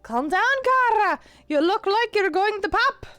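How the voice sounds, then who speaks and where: A woman's voice: extremely high pitch, lively intonation, a little slow, dry recording, faint music behind, voice pushed up, heavily acted. A woman doing a cheeky Irish tomcat. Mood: teasing. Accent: put-on Irish. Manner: playful, wheedling, loud. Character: cheeky Irish male cat, joking drinker.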